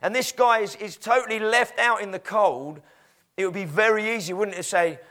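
High-voiced preacher. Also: male voice, brisk, bright, forceful tone. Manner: conversational storytelling, with fillers. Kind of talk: sermon.

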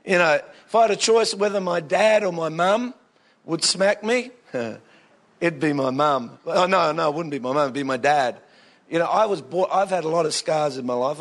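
Australian preacher with a high voice, working the congregation with lively comic stories. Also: male voice. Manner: animated, jokey, swings into bursts of excitement. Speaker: pastor. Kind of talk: humorous storytelling sermon.

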